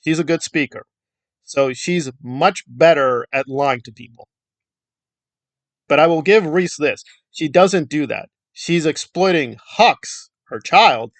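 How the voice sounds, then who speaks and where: A man's voice: a little high, slow pace, no echo. A man delivering an angry commentary rant, scornful and insulting, and repeating his points for emphasis. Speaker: YouTube commentator.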